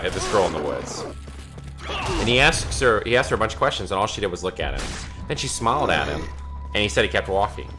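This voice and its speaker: A man casually reading a creepy story aloud to friends during a game, swearing freely and laughing between lines. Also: deep voice. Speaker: let's play commentator.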